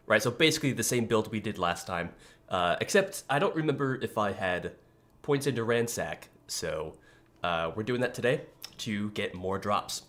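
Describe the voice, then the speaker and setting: A young man streaming a video game in a relaxed, rambling way, with a groggy morning voice, often clearing his throat. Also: lowish voice, normal speed. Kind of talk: casual live-stream chat.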